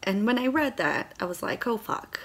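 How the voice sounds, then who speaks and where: Young female book vlogger, heated sarcastic rant, sweary and animated. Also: medium pitch, moderate pace, slightly rough. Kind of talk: angry book review rant.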